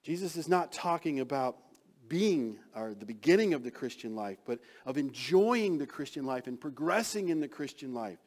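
A man preaching a sermon as pastor, acting out quoted lines with sudden swings from loud to soft. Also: medium pitch, animated, moderate pace.

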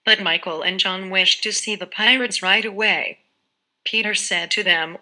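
Bright-voiced woman telling a bedtime story. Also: mid-range voice, fairly even intonation, normal speed, low-quality recording. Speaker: narrator. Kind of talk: scripted children's story narration.

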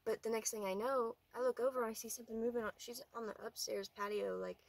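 A woman vlogger talking earnestly through a personal story, rambling and often dropping to a quiet voice. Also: a little high, steady tone, fast talker, gravelly, dry recording, low-quality recording.

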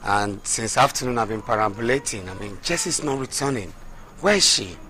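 An actor with a Nigerian accent playing a shy young student who stammers and hesitates. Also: male voice, lowish voice, animated, fairly quick, sharp tone, slight background noise. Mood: hesitant. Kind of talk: film acting.

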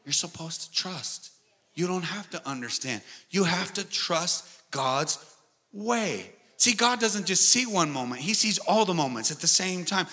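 Animated preacher, bright high voice. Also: male voice, measured pace, breathy edge. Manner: animated preaching, swinging between loud and soft. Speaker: pastor. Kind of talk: sermon. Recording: long hall reverb with faint music.

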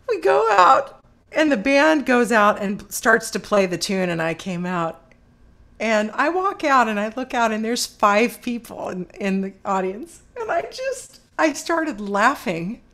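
Female guest, very expressive pitch, chatty anecdotes, laughs often, video-call sound. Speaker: guest vocalist. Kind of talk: casual interview storytelling.

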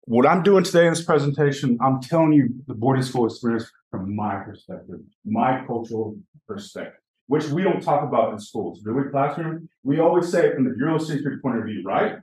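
A man's voice: mid-range voice, lively intonation, brisk, a little mellow. A man gives a conference presentation to teachers, chatting easily, telling stories and asking the audience questions. He is heard from a distance in a roomy, echoing space. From Native American, Apache. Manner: conversational, asks the room questions, tells stories. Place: conference session room. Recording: echoey room, mic far off.

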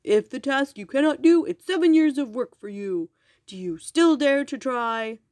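A woman voicing a boastful male giant in a storybook reading, speaking slowly and mockingly. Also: animated, a little mellow, no room sound. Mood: gloating. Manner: slow, booming, mocking.

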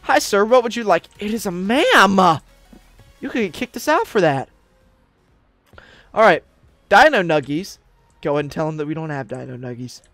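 Game roleplay host, bossy, yells suddenly, very animated pitch, dead dry sound. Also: fairly quick, pauses often, dry recording, soft background music. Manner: bossy, excitable, bursts into yelling. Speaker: roleplaying gamer and channel host.

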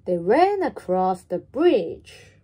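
A woman reading a children's story aloud in a slow, animated, sing-song way. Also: mid-range voice, slight background noise.

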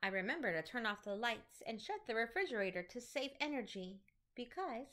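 A woman teacher reading picture books aloud to children in an animated, sing-song storytelling manner. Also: fairly high pitch, brisk, slight background noise.

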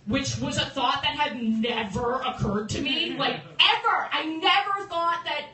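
A woman's voice: high-pitched, unhurried, bright, forceful tone. Young woman doing stand-up, heard from afar. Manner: chatty, self-interrupting, laughing between jokes. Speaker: stand-up comedian. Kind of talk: stand-up set. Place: comedy club. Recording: roomy, distant phone stream with background noise.

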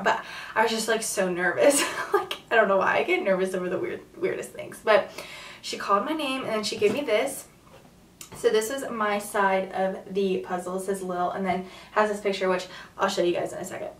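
A young woman vlogging, chatting excitedly to camera with lots of fillers. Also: mid-range voice, recorded from a distance. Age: young adult. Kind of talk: casual chat to camera. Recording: echoey room, voice a little off-mic.

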